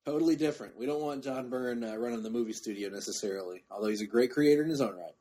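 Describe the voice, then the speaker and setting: A man's voice: medium pitch, racing, dark tone, breathy edge. A man hosting a podcast, chatting casually and restarting sentences as he goes. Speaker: podcast host. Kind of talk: casual chat.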